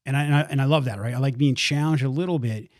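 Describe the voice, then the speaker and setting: An earnest man hosting a podcast, his voice sitting at a middle pitch. He often doubles back on words as he thinks. The sound is dry and close to the mic. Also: fast, darkish tone, no room sound. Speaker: podcast host. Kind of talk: podcast intro and interview.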